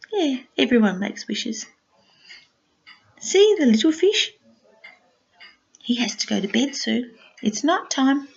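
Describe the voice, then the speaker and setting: An older woman, a grandmother, reading a picture book aloud to a small child in a gentle, sing-song way, with soft asides. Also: high voice, highs cut off.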